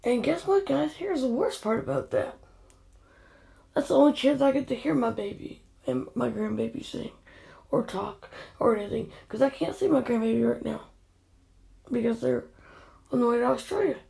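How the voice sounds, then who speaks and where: Angry gravelly older woman ranting. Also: a little high, moderate pace. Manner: angry, scolding, emotional. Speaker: grandmother vlogger. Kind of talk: angry direct-to-camera rant. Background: quiet house at night.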